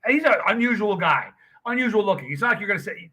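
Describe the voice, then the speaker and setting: A middle-aged man hosts a livestream, chatting casually with viewers and rambling through a story. His voice is high-pitched, expressive, fast and sharp, with a breathy edge.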